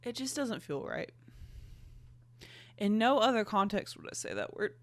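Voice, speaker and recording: A woman's voice: medium pitch, huge pitch swings, measured pace. A young woman hosting a podcast, reading her old fan fiction aloud and mocking it with sarcastic, giggly asides and plenty of swearing. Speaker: podcast host. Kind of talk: casual reading and commentary.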